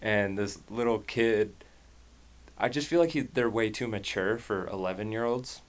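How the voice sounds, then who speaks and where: A man in his twenties chatting casually on a podcast, playful and quick to laugh. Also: fairly low pitch. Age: 20s.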